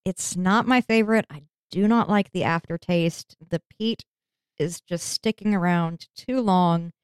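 A woman's voice: fairly low pitch, measured pace, a little mellow, smooth, dry recording, studio quality. A woman co-hosting a casual podcast, playful, laughing and frank. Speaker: podcast co-host. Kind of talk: casual chat.

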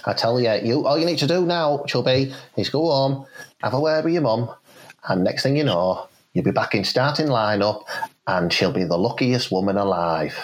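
A man's voice: moderate pace, close to an everyday voice. A man playing a blunt, sweary older football manager in a comedy sketch. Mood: approving. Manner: blunt, sweary, swings up and down in pitch.

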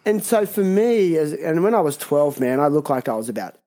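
A man with an Australian accent hosting a casual interview, telling a story in a relaxed, halting way. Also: fairly high pitch. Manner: relaxed storytelling, hesitant fillers. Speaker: host.

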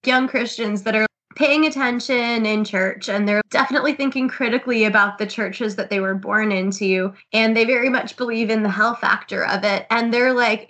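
A woman's voice: on the high side, normal speed, hardly any pauses, a bit bright. A woman co-hosting a podcast, telling stories in casual chat. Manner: chatty storyteller, laughs while recounting. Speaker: podcast co-host.

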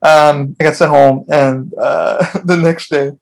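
A man's voice: a little high, fairly even intonation, slow, gravelly. A man hosting his own podcast, telling a long story in a casual, rambling way with lots of swearing. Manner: profane, rambling, frequent restarts. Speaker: podcast host.

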